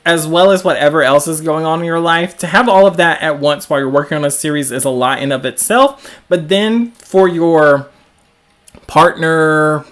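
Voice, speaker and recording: A host with a Southern US accent talking through a live stream in an easygoing, rambling way. The voice sits at a middle pitch and leans on "like" as a filler, stopping now and then to answer viewer comments. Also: moderate pace, a bit bright. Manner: frequent "like" fillers.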